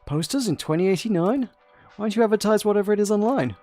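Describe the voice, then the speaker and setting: A man's voice: sits high, lively intonation, fast talker, darkish tone, soft background music, voice pushed up. A man reading as an easygoing young game heroine. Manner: reading game dialogue aloud, casual. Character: young woman newcomer, easygoing and cheeky.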